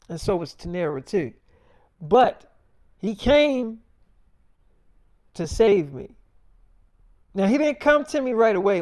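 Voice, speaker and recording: A man with a notably high voice telling a loose freestyle story. His talk is casual and profane, and he often stumbles and repeats words as he goes. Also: darkish tone, smooth. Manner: profane, rambling, repeats himself.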